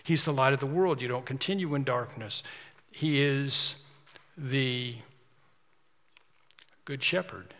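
A man's voice: medium pitch, takes it slowly, long pauses, a bit bright. A man preaching a sermon, emphatic and repetitive, building intensity as he drives points home. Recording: long hall reverb.

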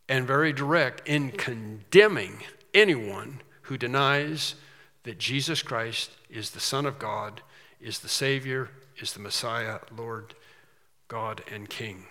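A man preaching a sermon, slow and emphatic with quicker asides. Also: mid-range voice, pushed and bright, long reverb tail.

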